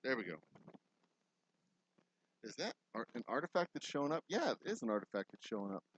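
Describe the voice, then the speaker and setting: A man's voice: mid-range voice, very animated, a little fast, a bit bright, breathy edge, no echo, muffled recording. A man with a Texan accent, casually talking viewers through a framing job on a construction site, thinking aloud with self-deprecating asides. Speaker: distillery owner vlogging construction. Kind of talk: casual vlog while working. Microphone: camera mic, moving around off camera.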